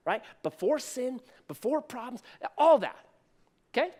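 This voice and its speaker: Male pastor, thirties, high voice, lively pitch, animated storytelling sermon. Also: a little slow.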